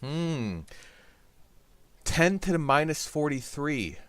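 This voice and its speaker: This man's voice sits on the high side, expressive and slow, with no room sound. On his own gaming channel he offers rambling comedic commentary during play, full of goofy jokes and sudden silly voices.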